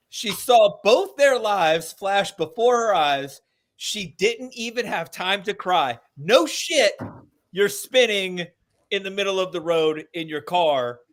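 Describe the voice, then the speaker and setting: A man from Alabama with a Southern accent, co-hosting a casual veterans' podcast, riffing sarcastically and swearing freely. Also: high-pitched. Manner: sarcastic, swearing, animated mock outrage. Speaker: podcast co-host. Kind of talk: casual comedic chat.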